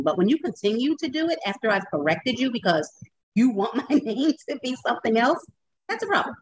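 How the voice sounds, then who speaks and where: A woman hosts a podcast in a relaxed interview chat. She talks in an animated, chatty way and laughs often as she goes. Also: a little high, brisk, rough recording. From United States. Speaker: podcast host.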